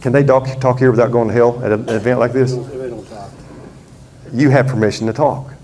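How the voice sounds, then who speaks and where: A man preaching a sermon, telling the story with lively drama and acting out the characters in different voices. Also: mid-range voice, fairly quick.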